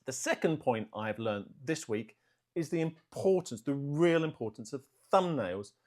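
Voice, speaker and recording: A man talking unscripted to camera for his art channel vlog. He speaks in a self-aware way and works on slow, deliberate delivery, though fillers still slip in. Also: mid-range voice, expressive, darkish tone. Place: indoors, room at home.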